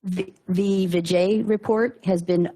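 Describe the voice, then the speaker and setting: A woman's voice: mid-range voice, fairly even intonation, slow, warm tone, slight background noise. A woman official at a borough council meeting who answers questions in a formal, reassuring way and often restarts her sentences.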